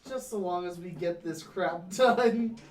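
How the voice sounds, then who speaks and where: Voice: mid-range voice, unhurried, echoey room. A player in a tabletop game, chatting casually, often laughing and describing their character's actions. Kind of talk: casual tabletop play chat.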